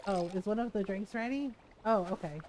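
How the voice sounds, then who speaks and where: A woman's voice: mid-range voice, brisk, a little mellow, a little hiss or hum, low-quality recording. A woman streaming a farming game, chatting casually and telling stories while she plays, acting out quotes and laughing often. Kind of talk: casual chat while gaming.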